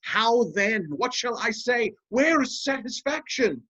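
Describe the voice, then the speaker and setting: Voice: mid-range voice, expressive, slow pace, bright, forceful tone, dull audio, exaggerated voice. An actor reading sly scheming Iago. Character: scheming male officer Iago, cunning and sly. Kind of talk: amateur Shakespeare reading.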